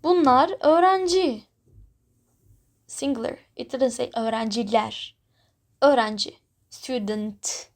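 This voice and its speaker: A woman's voice: high-pitched, a little mellow. A woman teaching a Turkish lesson in simple English, with small grammar slips, repeating each word patiently to show how it sounds. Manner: patient, repeats words several times, drawn-out pronunciation examples. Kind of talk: slow explanatory language lesson.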